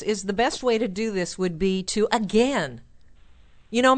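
A woman's voice: medium pitch, a bit bright. A woman hosting a call-in advice show, coaching a caller and suggesting what he could say.

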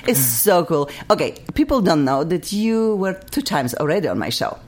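A woman hosting a talk radio show, speaking English with a foreign accent in an excitable, gushing way. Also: low-pitched, moderate pace, slight background noise. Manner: gushing, exclamatory, non-native phrasing. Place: radio studio.

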